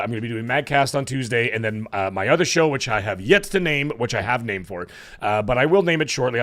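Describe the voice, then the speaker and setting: Hoarse man hosting a live stream. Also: mid-range voice, a bit bright. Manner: chatty, rambling with fillers and restarts, effusive thanks. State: hoarse, voice cracking. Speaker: livestream show host. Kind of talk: casual live-stream chat.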